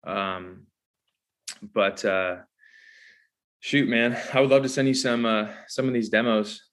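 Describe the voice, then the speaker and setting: A man from Southern California talks as a songwriter guest in a relaxed, easygoing way. His voice sits a little low, and he fills his speech with "um" and "man.". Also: slow, slight background noise. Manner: easygoing, many fillers like um and man. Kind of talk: casual interview chat.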